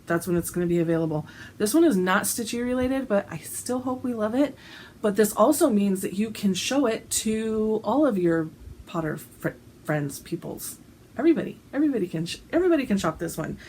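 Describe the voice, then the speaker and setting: A woman's voice: medium pitch, animated, a little fast, a little mellow, slight background noise, poor audio. A woman chatting casually to camera about her shirts, giggly, with plenty of ums and restarts. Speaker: cross-stitch vlogger selling shirts.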